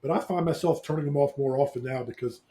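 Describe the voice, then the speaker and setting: A man's voice: mid-range voice, fast talker, dark tone. Wry, teasing man co-host. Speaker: podcast co-host. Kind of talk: casual chat.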